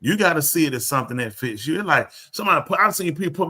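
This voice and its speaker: A man's voice: fairly high pitch, fast, few pauses, husky. An older man, a preacher, telling stories in casual talk and acting out dialogue in a raised voice. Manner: animated, acts out dialogue in raised voice.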